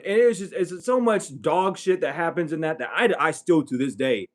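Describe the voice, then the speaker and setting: A man's voice: a little high, expressive, moderate pace, few pauses. A young man hosting a late-night livestream, talking bluntly and profanely in a casual monologue that rises into heated outbursts. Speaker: livestream host.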